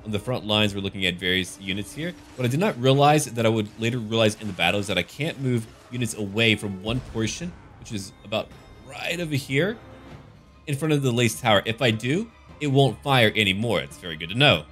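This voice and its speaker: A man's voice: fairly low pitch, animated, brisk, fairly bright tone, soft background music. A man giving casual, jokey commentary over a strategy game battle. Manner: goofy, jokey, slips into silly voices. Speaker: gaming YouTuber.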